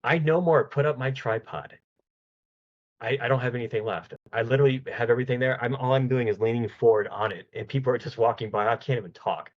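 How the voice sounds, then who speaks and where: A man, a podcast guest, telling a lively anecdote in casual conversation, often restarting his sentences. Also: medium pitch, quick pace, highs cut off. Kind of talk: casual storytelling in an interview.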